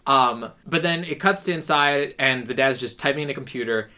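Man, bright forceful voice, eager plot recap, casual podcast chat. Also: medium pitch, fairly quick. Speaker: podcast co-host.

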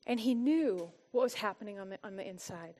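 A woman sharing a heartfelt personal testimony and teaching at a church gathering, her earnest voice often dropping soft and quiet for emphasis. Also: mid-range voice, animated, fairly quick. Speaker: church small-group speaker.

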